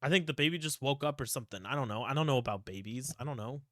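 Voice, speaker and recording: Racing along in a sharp, medium-pitched voice, a young man from Ohio co-hosts a podcast and tells rambling stories full of profanity in casual chat. The recording is dry and studio quality.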